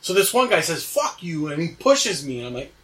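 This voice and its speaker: A man's voice: fairly high pitch, sing-song, quick pace, fairly bright tone, distant mic. A young man animatedly telling a wild dream story in casual chat, swearing and laughing as he goes.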